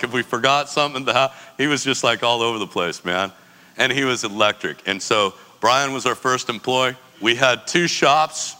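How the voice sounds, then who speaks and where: Laughing storyteller man, bright, reverberant. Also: mid-range voice, smooth. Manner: laid-back, profane, laughs often, acts out others' lines. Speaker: coffee business founder telling stories. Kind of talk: casual storytelling. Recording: long hall reverb.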